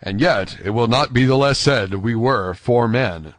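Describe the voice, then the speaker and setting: A man's voice: medium pitch, no room sound, close to an everyday voice. Athos, a man reading a grave wounded musketeer. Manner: grave, measured.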